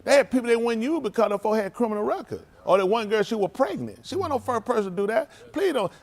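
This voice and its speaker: A man giving loose, animated commentary at a livestreamed service, laughing often. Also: very high-pitched, quick pace. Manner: animated, laughing, preachy street talk. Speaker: preacher.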